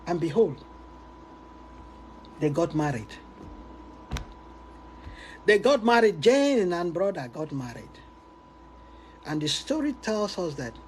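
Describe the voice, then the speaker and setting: A male preacher tells a story with animated, laughing energy. His voice sits high and swings widely. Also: takes it slowly, long pauses, slight background noise, rough recording. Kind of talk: storytelling sermon.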